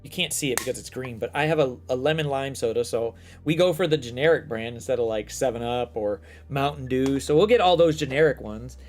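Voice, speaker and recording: A man from the United States hosting a casual chat show, telling stories in a lively, profane way. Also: medium pitch, fairly quick, few pauses, faint music behind. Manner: animated, profane storytelling. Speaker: host.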